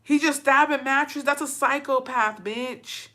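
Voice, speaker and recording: A woman with a bright, sharp-edged voice delivers a heated reaction commentary. She rants with profane outrage, swinging between disbelief and fury. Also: sits high. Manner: profane, outraged, fast-shifting rant.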